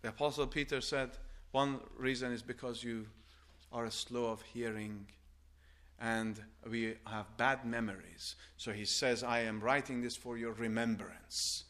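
Earnest, bright-voiced older male preacher. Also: medium pitch, steady tone. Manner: earnest, building to forceful exhortation with repeated questions; halting restarts and stammers. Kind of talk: sermon.

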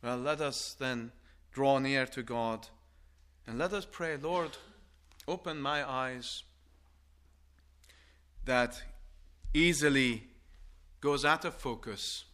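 An older man preaching a sermon, earnest and halting at times, rising into forceful appeals with repeated questions. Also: mid-range voice. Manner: halting restarts and stammers.

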